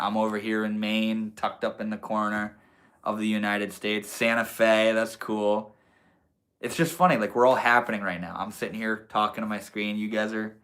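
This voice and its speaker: A young man with a lowish, fairly bright voice livestreams from his room at a computer, chatting in a laid-back, slangy way with viewers. He reads their messages aloud.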